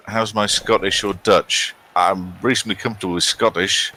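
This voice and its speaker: A middle-aged man with a British accent hosts a live game stream, his voice low-pitched yet bright and forceful. He reads viewer comments aloud in a wry, chatty manner and pokes fun at his own pronunciation. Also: flat delivery, moderate pace, hardly any pauses, rough recording. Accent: British English.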